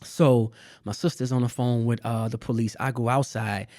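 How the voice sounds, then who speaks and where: A man's voice: mid-range voice, steady tone, moderate pace, a little mellow, no echo, studio quality. A man telling a personal story in a casual conversation. He repeats phrases for emphasis and laughs now and then. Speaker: guest artist.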